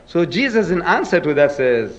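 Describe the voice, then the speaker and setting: Male debater, higher register, emphatic and theatrical, muffled lo-fi tape. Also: big pitch swings, moderate pace. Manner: emphatic, rhetorical questions to the audience; dramatic, acts out scripture quotes. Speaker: speaker in a religious debate. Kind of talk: public debate lecture.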